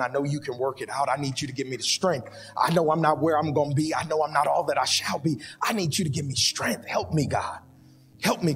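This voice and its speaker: A man preaching a sermon in a church, with fervent, prayerful repeated pleas. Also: fairly high pitch. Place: church sanctuary. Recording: long hall reverb with soft music behind.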